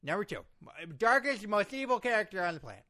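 A man's voice: high voice, very animated, quick pace, sharp tone, heavily acted. A man impersonating a boastful male pro-wrestling villain, talking with a lisp in a pompous, bossy, rambling way. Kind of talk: comedic impression sketch.

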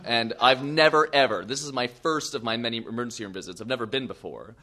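A young man with a middle-pitched voice tells an embarrassing tale to a crowd. He is self-mocking and animated, breaking off for quick asides. His delivery is loose, personal and comic. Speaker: storyteller. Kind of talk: live comic storytelling.

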